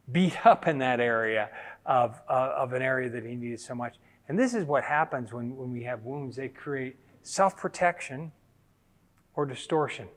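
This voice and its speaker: A middle-aged man giving a sermon-style teaching talk, telling personal stories and acting out quoted voices. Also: on the high side. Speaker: speaker. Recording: long hall reverb.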